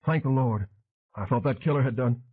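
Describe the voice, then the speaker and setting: A man voicing a loud, rambling Elvis impersonator with a husky Memphis drawl in an audiobook. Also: medium pitch, fairly quick, voice pushed up, lightly acted. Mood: alarmed. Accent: Memphis Southern drawl. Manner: excited, rambling, hollering. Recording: tinny phone-like audio.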